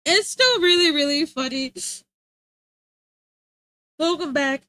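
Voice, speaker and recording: A woman's voice: high-pitched, animated, slow, sharp tone, no echo, clean studio sound. A young woman streamer chatting casually, rambling and laughing often.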